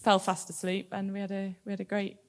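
A woman's voice: mid-range voice, monotone, fast. A woman interviewing her child at church, chatty and laughing, prompting with questions. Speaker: interviewer and mother.

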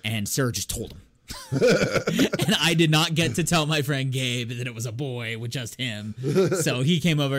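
A man's voice: mid-range voice, expressive, measured pace, fairly bright tone. A man in casual chat, rambling through a story about his partner's pregnancy, laughing often and doing his friends' voices. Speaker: expecting father telling a story.

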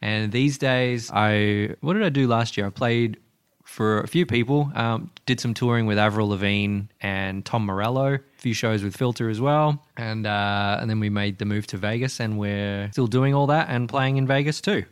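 A man's voice: fairly low pitch, moderate pace, smooth. A man guest musician answering interview questions, jokey and laughing often.

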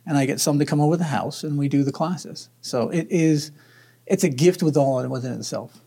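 A man's voice: fairly high pitch, moderate pace, gravelly, warm tone, slightly rough. A man who is a veteran, telling his personal story in an interview in an earnest, upbeat way. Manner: earnest, upbeat, acts out his own inner voice.

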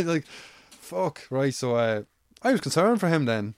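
A man's voice: on the high side, expressive, a little fast, dry recording. An Irish man, an amateur MMA fighter, telling stories in casual, rambling, swear-heavy chat. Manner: swears freely, rambling anecdotal.

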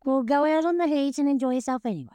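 A woman's voice: high voice, fast talker, warm tone, no room sound. A woman hosting a podcast interview, talking in a chatty, rambling and openly emotional way. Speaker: podcast host. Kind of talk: casual interview chat.

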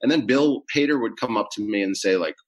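Middle-aged male actor, very low voice, easygoing interview guest who rambles and hedges. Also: a little fast, lo-fi sound. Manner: relaxed, rambling with many fillers. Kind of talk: casual interview chat.

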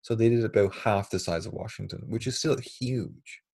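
An Irish man co-hosting a podcast in casual chat, talking fast and laughing often. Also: on the low side, gravelly, a little mellow, breathy edge, no room sound. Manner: chatty, laughs often, swears lightly. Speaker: podcast co-host.

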